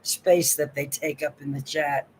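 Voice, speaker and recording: A man's voice: on the high side, fairly even intonation, measured pace, a little hiss or hum, poor audio. A man hosting a casual livestream, talking with a partner, laughing often and cursing freely. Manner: profane, laughing often, bantering. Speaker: livestream host.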